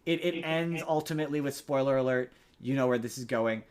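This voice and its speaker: A man's voice: medium pitch, brisk, clear, resonant tone. Rambling man recapping a movie. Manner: rambling, many restarts and fillers. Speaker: podcast host. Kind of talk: casual chat, recapping a movie.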